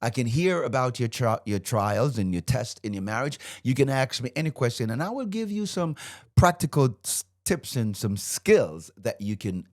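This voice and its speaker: A man's voice: mid-range voice, very animated, moderate pace, a little mellow. A man in his fifties, a marriage coach and host, teaching faith-based marriage principles to camera in a fired-up, preacherly way and quoting scripture.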